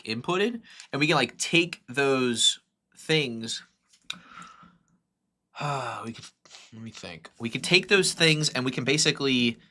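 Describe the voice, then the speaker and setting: A young man streaming a live software tutorial, thinking aloud in an excitable, rambling way with many fillers and self-corrections. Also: mid-range voice. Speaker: streamer teaching 3D modeling.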